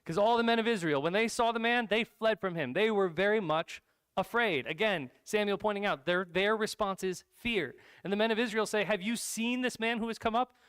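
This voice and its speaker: A male pastor preaching a sermon, retelling a Bible story in a lively, casual way with asides to the congregation. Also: high-pitched, a little fast, smooth, no room sound.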